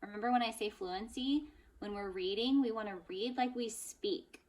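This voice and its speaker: Woman, elementary teacher, recorded phonics lesson; patient, encouraging, models sentences slowly. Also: fairly high pitch, a little mellow. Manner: slow, careful modeling of sentences; encouraging, asks and answers her own questions.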